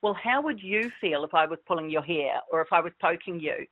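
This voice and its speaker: Over a tinny phone line, a woman who is a guest expert on dog safety answers interview questions, explaining things steadily. Her voice is fairly low, expressive, and a little fast.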